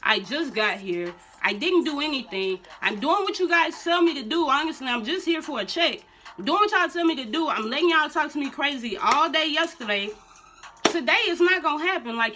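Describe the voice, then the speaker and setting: A young adult woman vlogger telling a storytime in blunt, slangy, animated casual talk. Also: high voice, a little hiss or hum. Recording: music playing under the voice. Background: music.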